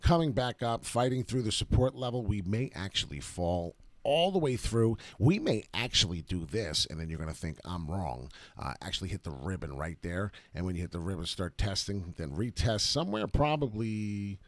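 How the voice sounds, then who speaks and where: A man hosting a live crypto chart breakdown, rambling and excitable, full of filler uhs, greeting viewers by name as he works. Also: on the low side, moderate pace, few pauses, no room sound. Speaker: crypto chart analysis livestream host.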